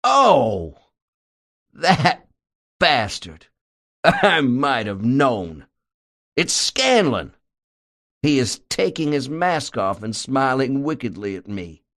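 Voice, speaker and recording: A man voicing a terrified fiery preacher from the 1920s who cries out in a shrill, panicked voice. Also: lively intonation, measured pace, fairly bright tone. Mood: relieved. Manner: panicked, crying out.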